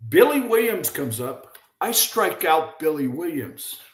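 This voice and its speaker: Guy in his 70s spinning baseball yarns, kinda high voice, lots of restarts, roomy echo. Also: measured pace. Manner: lively storyteller who acts out quoted voices, with frequent restarts. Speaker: guest, former baseball pitcher. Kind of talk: animated storytelling in a chat.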